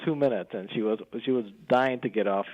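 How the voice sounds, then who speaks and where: A man's voice: on the low side, brisk, darkish tone, highs cut off. A man calling in to a talk show as an eager, gushing fan. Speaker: caller. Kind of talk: casual chat.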